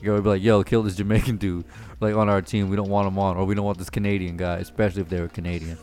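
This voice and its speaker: A man's voice: low voice, rapid-fire. A man telling profane stories in casual chat with friends, laughing often. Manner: profane, laughing, animated storyteller.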